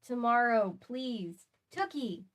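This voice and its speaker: Frightened scarred girl, read by a woman, urgent, hushed, pleading. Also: a little high, lively intonation, slow pace.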